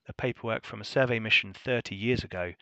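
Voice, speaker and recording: A man's voice: lowish voice, fast, fairly bright tone, no room sound, lo-fi sound. A man, narrating a tabletop game as game master in a casual, rambling way with many ums.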